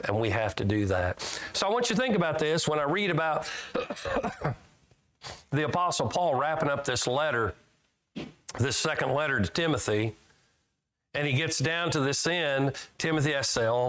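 A man preaching a sermon in a homespun, conversational way. His voice sits at an ordinary middle pitch, and it climbs as he reads scripture aloud. He keeps turning to the congregation with questions. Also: a bit bright. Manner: folksy, asks the congregation questions.

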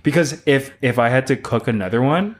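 A man's voice: medium pitch, fairly quick. A young man, chatting casually on a podcast and telling a work story with frequent laughs and swearing. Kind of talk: casual chat.

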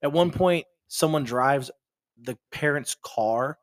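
A man's voice: fairly high pitch, takes it slowly. A man co-hosting a podcast, telling a rowdy story in casual chat, swearing freely and acting out the voices of the people in it. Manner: animated storyteller, swears a lot, acts out voices. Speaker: podcast co-host.

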